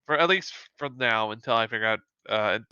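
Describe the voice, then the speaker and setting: A man's voice: on the low side, fairly quick, sharp tone, clean tone, dry recording, muffled recording. A man narrating as game master of a tabletop game. He rambles with many fillers and corrects himself often. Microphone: remote call mic.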